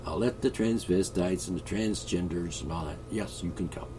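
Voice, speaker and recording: Lower-voiced man rambling mock-royal jokes. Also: normal speed, recorded from a distance, very noisy. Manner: mock-royal, joking and meandering. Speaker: vlogger. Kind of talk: rambling comic monologue.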